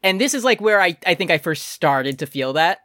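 A man's voice: high voice, animated, a little fast, bright, forceful tone, dry recording, studio quality. A man co-hosting a podcast in casual chat, joking around and laughing often. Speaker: podcast co-host.

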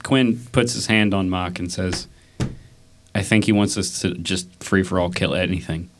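A man's voice: deep voice, steady tone, moderate pace, slight background noise. A man playing a tabletop game, narrating his character hesitantly and with amusement. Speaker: player. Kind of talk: tabletop role-play.

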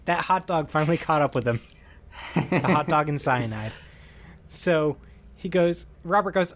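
A man's voice: a little high, animated, a little slow, pauses often. A man co-hosting a casual podcast, animatedly retelling a film's plot, acting out quoted lines and laughing often. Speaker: podcast co-host recapping a film. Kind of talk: casual chat.

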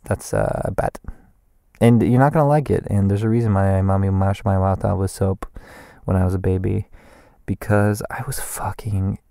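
A man doing a gravelly, foul-mouthed black mass. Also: deep voice, fairly even intonation, normal speed, mellow, dry recording. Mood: rambling. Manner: rambling, sheepish, swearing.

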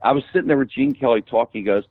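An older man as a podcast guest, rambling and animated as he tells stories and quotes people. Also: mid-range voice, racing, no echo. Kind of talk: casual storytelling. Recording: tinny phone-like line.

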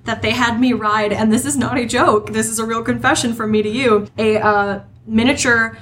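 A woman who is a guest on a casual podcast. She jokes playfully and throws in quick asides. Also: fairly high pitch, steady tone, fairly bright tone. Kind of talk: casual comedic chat.

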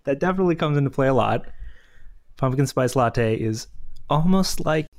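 A man's voice: mid-range voice, animated, moderate pace. A young man co-hosting a casual chat, playfully reading passages aloud and laughing often.

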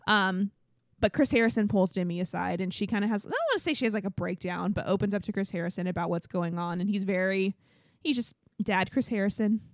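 A woman's voice: mid-range voice, fast talker, no echo, clean studio sound. A woman co-hosting a podcast, chatting casually and filling her talk with likes and ums. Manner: chatty, lots of likes and ums, acts out quotes. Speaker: podcast co-host. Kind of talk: casual chat recapping reality TV.

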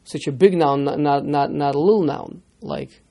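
A man teaching a text study class, lively, firing rhetorical questions at his students and repeating words as he starts sentences. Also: fairly high pitch, normal speed. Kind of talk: interactive text lesson.

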